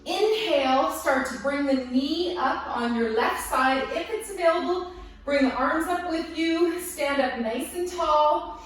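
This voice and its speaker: A woman teaching a guided yoga class, giving gentle, encouraging cues with playful asides, a little out of breath. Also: high voice, unhurried. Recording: very echoey room, voice from a distance, soft music behind.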